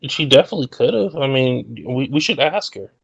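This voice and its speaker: Gravelly-voiced male co-host, loose and halting. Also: medium pitch, expressive, dry recording, lo-fi sound. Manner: loose, halting, with filler words. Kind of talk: casual commentary chat.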